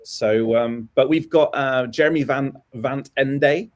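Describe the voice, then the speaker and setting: A man in the host's chair, keeping a loose, chatty flow going and filling pauses with "um" and "uh". His voice sits at an ordinary middle pitch. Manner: relaxed, chatty, with many fillers. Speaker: host. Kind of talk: live show hosting chat.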